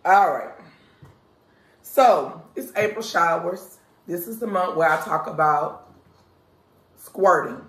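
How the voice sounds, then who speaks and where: A woman's voice: fairly low pitch, slow, long pauses, a bit bright. A woman host chatting frankly and sassily to her viewers and reading a customer's review aloud, calling them sis and y'all. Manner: sassy, frank, addresses listeners as sis and y'all. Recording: echoey room.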